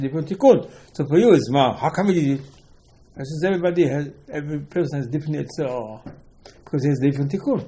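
A man's voice: mid-range voice, mellow, a little hiss or hum, poor audio. Man giving a rambling religious talk. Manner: rambling, repeats words, asks and answers himself; non-native English grammar. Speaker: religious teacher. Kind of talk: informal religious lecture.

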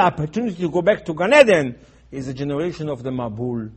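A man preaching a sermon, swinging between loud emphatic bursts and low, quiet asides. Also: lively intonation, quick pace, breathy edge.

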